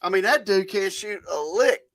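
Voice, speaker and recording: A man co-hosting a casual sports podcast, animated and jokey, getting excited about the games. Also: high-pitched, moderate pace. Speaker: podcast co-host.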